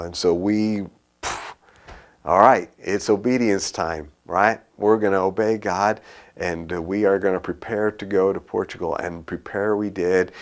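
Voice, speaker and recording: A man preaches from the pulpit, with a voice that sits on the low side. He tells a personal story with animation and acts out both sides of a conversation. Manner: animated storytelling, acts out his own panic and a dialogue. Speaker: pastor.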